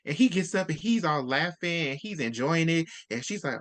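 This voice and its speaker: A host in a casual book discussion, retelling the story with lively quoted character lines. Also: mid-range voice, normal speed.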